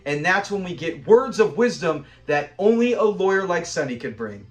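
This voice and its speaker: A man's voice: high-pitched, big pitch swings, moderate pace, soft background music. A man casually reviewing a classic sitcom episode, enthusiastic, quoting the characters and laughing often. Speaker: show reviewer.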